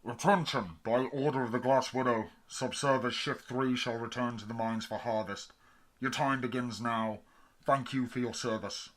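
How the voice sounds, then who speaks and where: A man voicing an automated announcement in an underground mine, loud and formal. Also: mid-range voice, fairly even intonation, moderate pace, pitched above the performer's own voice, lightly acted. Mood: commanding.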